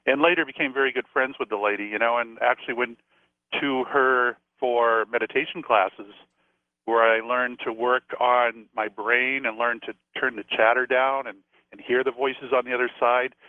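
A man from Florida, a psychic and former police officer, telling stories in a chatty, animated way as a radio guest. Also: medium pitch, normal speed, no echo. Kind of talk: storytelling on a call-in radio show. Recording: tinny phone line.

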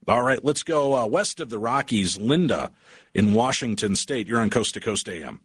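A man's voice: medium pitch, expressive, normal speed, slightly rough, dry recording, clean studio sound. A man hosting a late-night radio talk show, steering the talk with guests and callers.

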